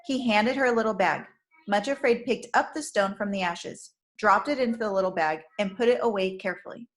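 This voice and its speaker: A woman, a teacher, reading a chapter book aloud in a clear, careful manner. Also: mid-range voice, a little fast, low-quality recording.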